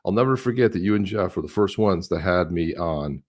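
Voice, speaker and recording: A middle-aged man co-hosting a casual livestream chat, telling stories with lively impressions of other people. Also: sits low, brisk. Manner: animated storyteller, mimics others with a raised voice. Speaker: co-host of a crypto livestream.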